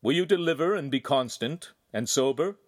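A man voicing a commanding, good-humored nobleman who gives orders briskly and teases. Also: medium pitch, expressive, no room sound, clean studio sound, voice pushed up, close to an everyday voice.

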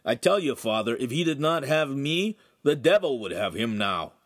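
A man's voice: mid-range voice, sing-song, moderate pace, voice pushed up. A man voicing a bumbling, cheeky young male servant in an audiobook, rambling through his complaints. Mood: complaining.

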